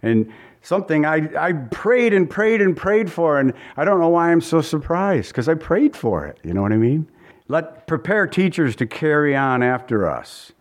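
A man preaching a sermon as pastor, earnest and conversational, repeating phrases for emphasis and adding casual asides. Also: very animated. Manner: reads scripture in a slower, lower voice.

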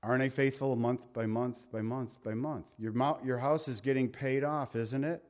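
A man preaching a sermon, swinging between loud emphatic lines and hushed soft ones. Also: mid-range voice. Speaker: pastor.

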